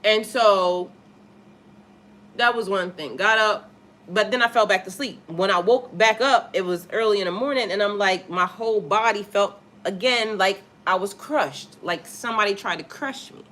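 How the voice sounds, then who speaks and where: Woman, livestream storyteller, candid, swears freely, bright edgy voice. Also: medium pitch, moderate pace. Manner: candid and profane, talks to chat viewers. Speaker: spiritual life coach livestreamer.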